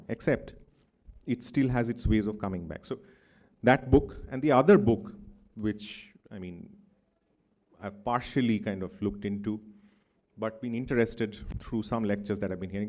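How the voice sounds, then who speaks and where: A man's voice: on the low side, darkish tone. Bengali-accented man giving an academic talk. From India. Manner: thoughtful, discursive, many fillers and asides. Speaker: conference speaker. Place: conference hall.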